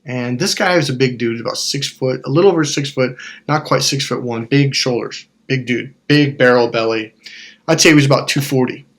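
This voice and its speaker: A man who works as a life coach and hypnotherapist tells a story in a frank, rambling monologue, correcting himself along the way and apologizing after swearing. His medium-pitched voice is a bit bright and slightly fast.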